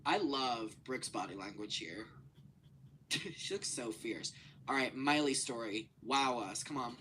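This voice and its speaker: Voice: mid-range voice, lively intonation, unhurried, sharp tone, slight background noise. A livestream host making casual, playful reaction comments to viewers with wry asides.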